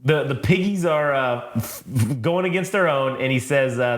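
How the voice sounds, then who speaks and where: A man's voice: medium pitch, normal speed, few pauses, reverberant. A man on a casual comic podcast, rambling and swearing as he recaps a comic and acts out its characters' lines. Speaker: comic book podcast host.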